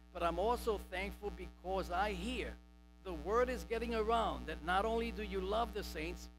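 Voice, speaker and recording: Man, pastor, sermon, emphatic, repeats key words, raised pitch, music playing behind. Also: fairly bright tone, poor audio. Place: church sanctuary.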